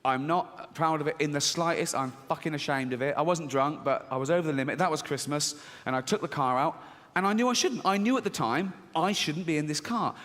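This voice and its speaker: A man's voice: a little high, a little fast. A man performing a profane stand-up comedy set, acting out characters as he tells his jokes. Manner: animated, profane, acts out characters. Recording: reverberant hall with faint ambience.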